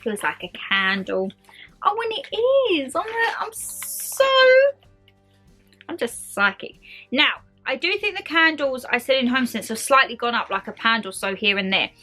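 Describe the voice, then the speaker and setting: Upbeat woman vlogger, rambling and gushing; bright, fairly high voice. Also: normal speed, faint music behind. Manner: bubbly, rambling, gushing with excitement. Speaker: lifestyle vlogger showing a shopping haul. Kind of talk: chatty haul vlog.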